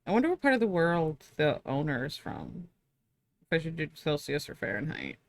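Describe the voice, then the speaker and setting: A woman's voice: low voice, wildly swooping pitch, normal speed, vocal fry, no room sound. A young woman streaming live, chatting casually with viewers while she draws, sleepy and yawning. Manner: chatty, bubbly, talks to chat and herself.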